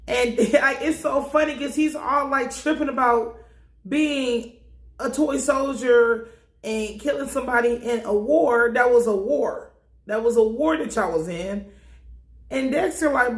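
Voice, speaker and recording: A fairly high-voiced woman talks through a TV episode in a loose, profane recap, jumping into the characters' voices as she goes. Her speech is animated and blunt. The room around her rings with a noticeable echo. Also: unhurried. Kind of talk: casual recap commentary.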